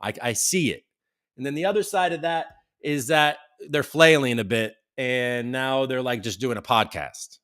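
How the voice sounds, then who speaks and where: A man at a normal speaking speed, with a medium-pitched and fairly bright voice, runs a casual livestream. He talks freely, voices viewer comments as they pop up, and swears once in a while.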